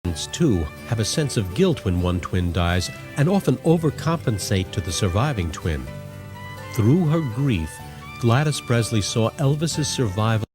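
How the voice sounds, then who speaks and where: A man narrating a documentary in a measured, expressive way. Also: lowish voice, music in the background.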